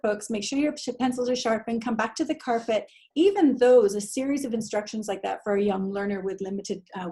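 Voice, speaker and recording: A woman's voice: medium pitch, a little mellow. Female teacher, co-presents, talks things through with lots of fillers. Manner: thinks aloud with many ums. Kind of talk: webinar talk.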